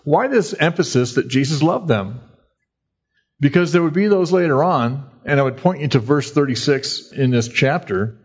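A man's voice: mid-range voice, slightly rough. Folksy male pastor, dull lo-fi recording. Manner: conversational, folksy, acts out quotes in a raised voice. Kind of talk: sermon.

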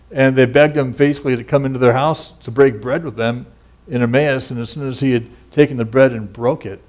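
Middle-aged man preaching in a folksy way. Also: medium pitch. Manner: relaxed, folksy storytelling with casual asides. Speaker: pastor. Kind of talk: conversational sermon.

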